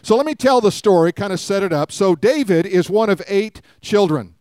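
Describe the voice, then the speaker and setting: A man's voice: high voice, expressive, normal speed, a little mellow, clean tone, no echo, studio quality. A man preaching a sermon, retelling a story with acted-out quotes and calls for the congregation to respond.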